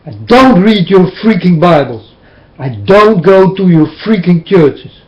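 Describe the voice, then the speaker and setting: Brief: high-pitched man, slow and intense, preaching warnings at a webcam. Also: lively intonation, a little mellow, dull audio. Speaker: self-styled preacher. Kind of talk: webcam sermon.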